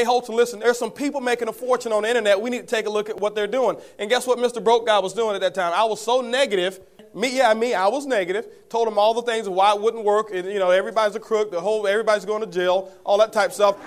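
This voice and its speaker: A middle-aged man giving an energetic, folksy motivational testimonial, often calling the audience "guys". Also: sits high. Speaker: network marketing speaker.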